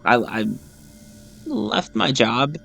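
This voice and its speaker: A man's voice: medium pitch, very animated, extremely slow, vocal fry, fairly bright tone, soft background music. A man in his thirties hosting a gaming channel, chatting casually over gameplay in a rambling, self-deprecating way and often repeating his words. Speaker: gaming YouTuber host.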